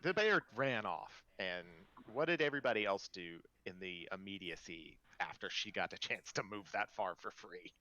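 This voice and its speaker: Guy game master, kinda low voice, bright tone, rambly narration. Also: lively intonation, moderate pace, few pauses, dry recording, lo-fi sound. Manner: loose, rambling narration with restarts.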